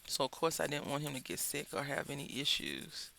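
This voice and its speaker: A Southern-accented woman hosts a craft video from her table and chats her way through the work in a loose, rambling storytelling style. Her voice has a gravelly, fry-edged texture and a bright, forceful tone. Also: very deep voice, big pitch swings, brisk. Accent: Southern American. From Southern United States. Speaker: craft channel host. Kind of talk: casual chat while crafting.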